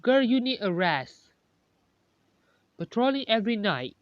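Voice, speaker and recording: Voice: mid-range voice, sing-song, a little slow, no echo. A narrator reading the lines of a blunt, bossy but caring teenage schoolgirl in a dull, dry recording. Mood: scolding.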